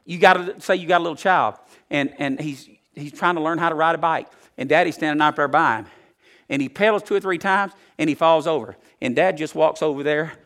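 Bright-voiced preacher man. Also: fairly high pitch, fairly quick. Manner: folksy, swings from loud to hushed. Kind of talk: sermon.

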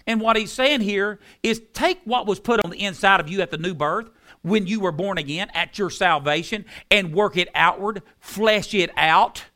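A man preaching a sermon, repeating key phrases with emphasis and dropping into soft tones. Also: sits high, normal speed. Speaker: pastor.

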